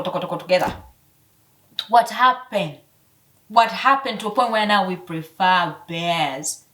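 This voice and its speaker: A woman in her twenties ranting casually to camera, heated and profane, swinging between loud outbursts and low mutters. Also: far from the mic. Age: 20s. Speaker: vlogger.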